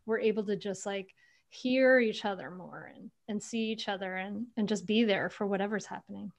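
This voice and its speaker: A woman author talking casually as a guest on a video call interview, animated and laughing often as she tells stories. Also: medium pitch, normal speed, creaky.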